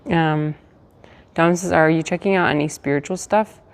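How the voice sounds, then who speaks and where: A woman's voice: sits low, fairly even intonation, moderate pace. A woman from the United States chatting casually on a live stream from a hotel room, rambling with lots of fillers and restarts. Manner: trying to keep her voice down. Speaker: livestreamer.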